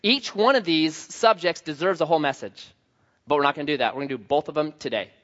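Animated storytelling pastor, lo-fi. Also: male voice, fast, in a large hall. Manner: animated storyteller, acts out a child's high voice in quotes. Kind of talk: sermon with prayer and storytelling.

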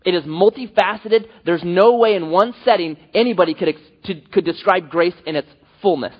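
A man preaching a sermon, animated and acting out the voices he quotes. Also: sits high, fairly quick, muffled recording. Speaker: pastor.

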